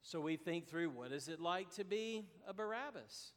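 A man preaching a sermon as pastor, slow and deliberate with emphatic pauses. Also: on the high side, animated, fairly bright tone, in a large hall.

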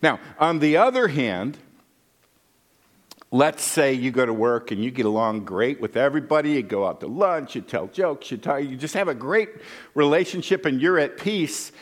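A man's voice: mid-range voice, animated, normal speed. Folksy middle-aged male pastor. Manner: folksy, conversational, with frequent "right?" asides. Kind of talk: sermon with storytelling.

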